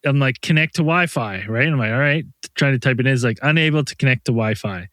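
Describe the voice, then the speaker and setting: A man co-hosting a podcast, telling a story in casual chat, animated and swearing constantly as he rants. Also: mid-range voice, fast, no echo. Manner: profane, animated storyteller, ranting. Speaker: podcast co-host.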